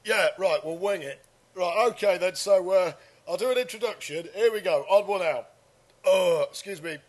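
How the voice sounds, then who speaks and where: A man's voice: high voice, moderate pace. A man hosting a casual comedy podcast, rambling and crude, with lots of fillers.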